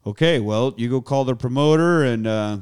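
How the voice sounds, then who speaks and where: A man talks through a film's plot in a loose, profane, animated rant. His voice is smooth and clean, and he keeps things casual. He sounds like a podcast host recapping for his co-hosts. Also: mid-range voice, normal speed.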